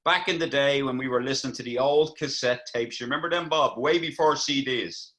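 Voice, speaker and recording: A man's voice: medium pitch, fairly quick, pushed and bright, low-quality recording. An Irish man from Ireland calling in to a group video call, talking earnestly and reflectively in a motivational way. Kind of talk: casual chat.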